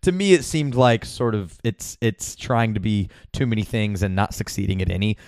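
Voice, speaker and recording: A man's voice: fairly low pitch, moderate pace, darkish tone, dry recording, studio quality. Rambling male podcast host. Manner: rambling, with many fillers and restarts and swearing. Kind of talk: casual chat.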